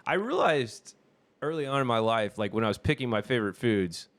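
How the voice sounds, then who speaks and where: A man's voice: mid-range voice, very animated, brisk, a bit bright. A man co-hosting a podcast, chatting casually and rambling through a story he retells with laughs. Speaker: podcast co-host. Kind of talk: casual chat.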